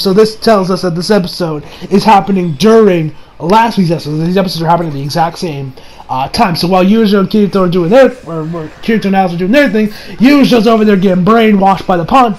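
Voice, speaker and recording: A man giving a casual anime review, excited and rambling, who swears now and then. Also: high-pitched, low-quality recording.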